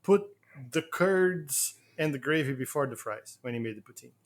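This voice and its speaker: A man's voice: mid-range voice, lively intonation, moderate pace. A man co-hosting a podcast in casual chat, playful and contrarian. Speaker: podcast co-host.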